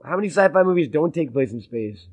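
Man, somewhat high voice, dry close sound, blunt, swearing, casual chat. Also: animated, fast, no echo. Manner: profane, blunt, argumentative.

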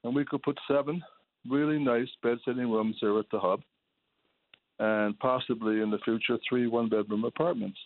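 A man, a hoarse charity manager calling in to a radio show, exasperated and pleading, repeating himself. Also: medium pitch, steady tone, normal speed, dry recording. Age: 70s. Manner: exasperated, pleading, repetitive outbursts. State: hoarse, losing his voice. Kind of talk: call-in radio complaint. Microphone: telephone. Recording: tinny phone line.

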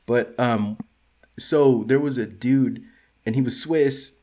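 A man in casual chat, telling animated anecdotes and acting out what people said. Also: mid-range voice. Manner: fast, animated anecdotes with acted-out quotes.

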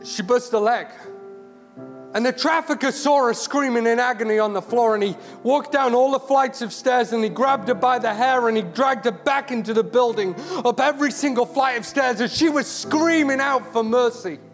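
A man's voice: extremely high pitch, moderate pace. A man preaching an impassioned sermon, repeating words as he builds. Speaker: charity CEO, guest preacher. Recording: hall reverb with music.

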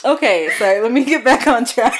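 A woman's voice: fairly high pitch, expressive, fairly quick, noisy background. A woman interviewing in casual conversation, hesitant and full of fillers, often giggling. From United States.

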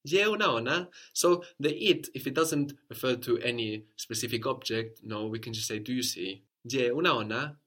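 Man, language teacher, patient step-by-step explanations, mid-pitched voice. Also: normal speed, hardly any pauses, fairly bright tone. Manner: patient, explains step by step, models phrases for repetition. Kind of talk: spoken language lesson.

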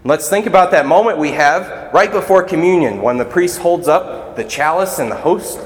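A man's voice: on the high side, lively intonation, normal speed. A man serving as a deacon, giving a conversational, earnest sermon in a church. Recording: echoey church hall.

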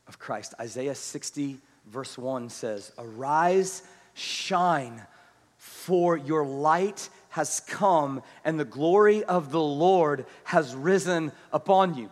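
A man preaching a sermon who moves from hushed, slow scripture reading to loud, rapid exhortation and has the congregation repeat words after him. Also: mid-range voice. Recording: long hall reverb.

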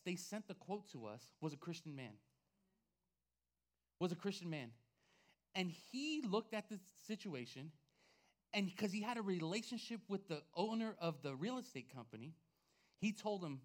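A man, a pastor, telling a personal story in a sermon, swinging between hushed asides and loud, animated outbursts. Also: sits high, a little fast. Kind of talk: sermon testimony.

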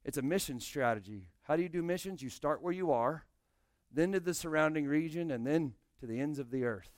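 A man's voice: fairly high pitch, animated, brisk, dry recording, clean studio sound. A male pastor preaching a sermon, explaining scripture and speaking directly to his congregation.

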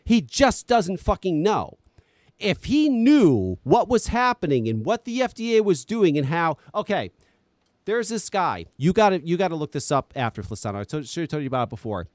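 A man's voice: fairly high pitch, very animated, moderate pace, a little mellow, no echo. A man ranting on a podcast, exasperated and profane, talking close to the mic. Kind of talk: heated podcast commentary.

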